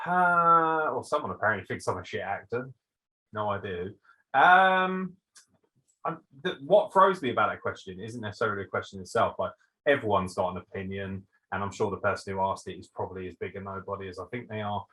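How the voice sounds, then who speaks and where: Brash, sarcastic podcast host, young man, bright, forceful tone, swears freely. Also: on the low side, animated, fairly quick, poor audio. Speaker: podcast host answering listener questions. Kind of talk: casual banter.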